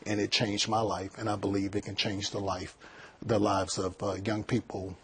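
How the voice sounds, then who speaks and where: A man's voice: on the low side, flat delivery, normal speed, slight background noise. A middle-aged man, a college president, answering interview questions earnestly and often repeating words as he thinks.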